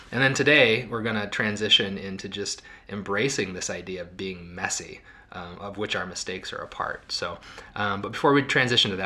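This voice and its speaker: Man, middle-aged, low voice, bright tone, podcast host, marital therapist, halting, many ums and restarts. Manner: halting, with frequent ums and restarts, warm self-deprecating laughs. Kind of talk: casual reflective podcast talk.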